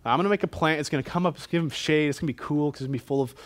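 A man's voice: fairly high pitch, racing, lightly acted. A man voicing a wry, unimpressed male deity who muses aloud in an offhand, sarcastic way. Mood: sardonic.

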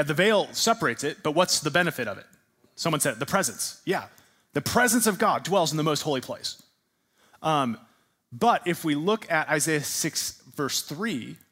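Teaching a class in the style of a sermon, this man has a fairly high pitch and a slightly bright tone. He questions his listeners, repeats their replies, and drives points home by repeating words.

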